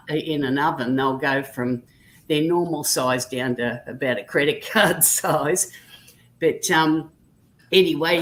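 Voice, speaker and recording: A woman's voice: sits low, a little hiss or hum, low-quality recording. An Australian woman chatting casually on a live stream, telling stories in an easygoing, anecdotal way. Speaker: guest on a live chat stream. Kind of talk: casual chat.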